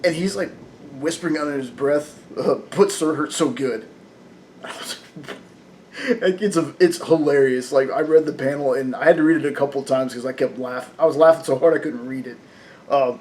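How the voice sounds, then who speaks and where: A man's voice: medium pitch, a little mellow, slight background noise. Chatty man with lots of fillers. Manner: chatty, full of fillers, laughs often. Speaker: comic book reviewer. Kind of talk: casual review talk.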